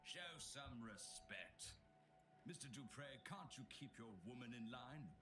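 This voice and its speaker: A man's voice: mid-range voice, close to an everyday voice. An actor playing a sneering man who mocks others in a mystery game. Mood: snide. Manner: snide, slow. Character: sneering, mocking male guest. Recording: game voice over loud music.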